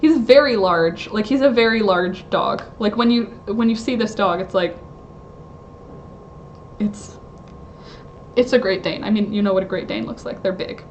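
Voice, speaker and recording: A woman's voice: mid-range voice, normal speed, long pauses, lo-fi sound, slight background noise. A woman chatting casually on a livestream from home, rambling and interrupting herself with lots of fillers. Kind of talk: casual live-stream chat.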